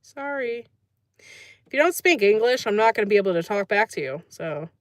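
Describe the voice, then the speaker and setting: A woman's voice: mid-range voice, lively intonation, a little fast, no room sound, clean studio sound. A woman hosting a casual livestream, chatting, laughing often and reading out comments from the chat. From United States. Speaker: livestream host.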